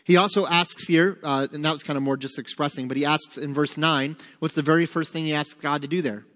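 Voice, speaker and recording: A man's voice: fairly high pitch, steady tone, fairly quick, fairly bright tone, in a large hall. A man leading a Bible study, asking his listeners questions and then answering them himself. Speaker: Bible teacher. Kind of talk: interactive Bible study teaching.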